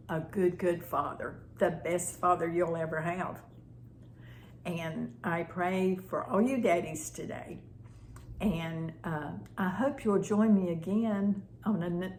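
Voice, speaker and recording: A woman's voice: on the low side, a little mellow, slight background noise. An older woman giving a tender, prayerful personal testimony as a channel host.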